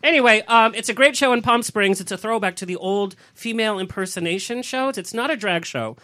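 A man hosting a casual talk show, chatty and animated, telling stories with laughter. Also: sits high, a little fast, no echo. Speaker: show host. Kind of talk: casual chat show banter.

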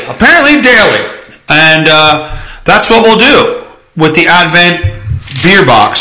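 A man's voice: fairly high pitch, sharp tone, roomy sound, low-quality recording. A man hosting a casual solo podcast, rambling and joking with frequent swearing. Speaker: podcast host.

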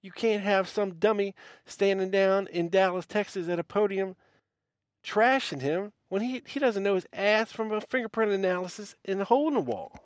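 A man's voice: high-pitched, moderate pace, no room sound, clean studio sound. Blunt, scornful male podcast host. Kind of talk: ranting monologue.

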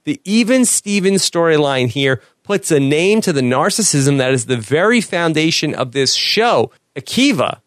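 A man co-hosting a podcast, reading listener emails aloud in a casual, halting way with many "uh" fillers. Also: a little high, very animated, no room sound, clean studio sound. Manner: reads letters aloud, halting with frequent "uh" fillers.

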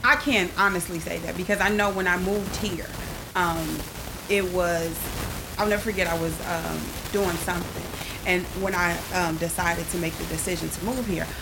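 A woman's voice: lowish voice, normal speed. Chatty woman telling a story over noise. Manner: animated, acts out quoted dialogue with lots of fillers. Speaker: podcast co-host. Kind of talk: casual storytelling chat.

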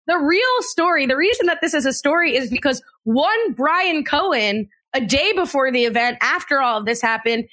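A woman's voice: sits high, expressive, moderate pace, hardly any pauses, fairly bright tone. A woman co-hosting a podcast in casual chat, telling stories with a wry, playfully combative edge. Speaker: podcast co-host.

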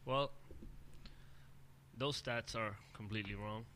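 A man's voice: lowish voice, fairly even intonation, takes it slowly, bright, forceful tone, slight background noise. A man in his forties with a New York accent, co-hosting a podcast and teasing his partner with trash talk. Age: 40s. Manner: teasing, trash-talking and laughing. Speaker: podcast co-host. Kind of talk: casual chat.

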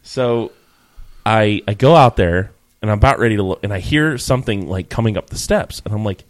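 A man's voice: on the low side, lively intonation, normal speed. A man hosting a casual podcast chat, telling rambling stories full of fillers and restarts.

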